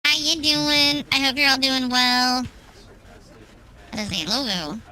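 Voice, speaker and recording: A woman's voice: high voice, unhurried, bright, forceful tone, poor audio. A woman streaming at home with a cat on her lap, chatting playfully and greeting her viewers one by one. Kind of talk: casual live-stream chat.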